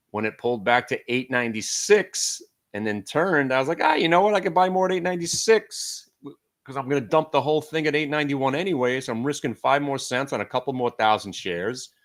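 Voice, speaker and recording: Hosting a live day trading stream, this middle-aged, medium-pitched man cracks jokes and talks brashly, his volume swelling and dropping with his excitement.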